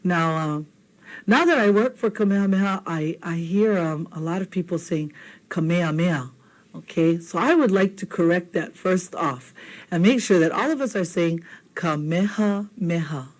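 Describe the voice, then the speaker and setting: A woman with a Hawaiian accent teaching a televised language lesson, patient and playful, saying words slowly and checking in with "okay?". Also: lowish voice, rough recording.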